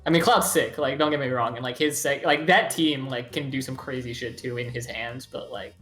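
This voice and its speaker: A man's voice: mid-range voice, brisk, fairly bright tone, echoey room, soft background music. A man casually commentating a fighting game tournament, rambling with lots of fillers.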